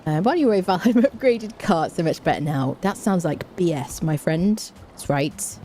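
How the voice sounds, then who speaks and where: A woman streams a game and chats casually, reading her viewers' messages out loud between frequent laughs. Her voice sits low but moves around a lot, with a mellow, soft-edged tone. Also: lively intonation, moderate pace, a little hiss or hum. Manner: chatty, reads viewer messages aloud and laughs often. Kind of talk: casual live-stream chat while gaming.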